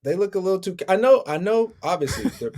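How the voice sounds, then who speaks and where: A man joining a podcast as a guest analyst, breaking down football film in a measured, analytical way. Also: sits high, lively intonation, darkish tone, slight background noise. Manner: measured, analytical, chuckles between points.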